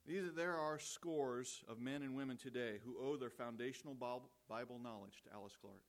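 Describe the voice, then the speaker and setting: A man delivers a funeral eulogy as the pastor, speaking at an everyday pitch. He talks in a conversational, storytelling way with gentle humor, and he circles back to key phrases for emphasis. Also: normal speed.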